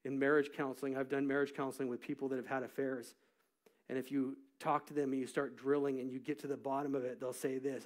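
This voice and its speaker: A middle-aged man preaching a sermon in church, acting out quotes and swinging from loud to hushed. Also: mid-range voice, flat delivery, quick pace. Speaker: pastor. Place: church stage.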